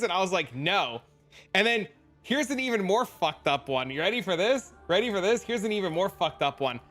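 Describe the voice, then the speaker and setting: A young man chatting casually on a game stream, telling stories with a lot of energy and swearing offhandedly. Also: sits high. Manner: animated storytelling, laughs often, swears casually.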